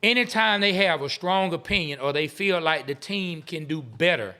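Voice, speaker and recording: Bright high-voiced man, stammering and laughing. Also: animated, normal speed. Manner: stammering, laughs into his words. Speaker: podcast co-host. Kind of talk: casual sports chat.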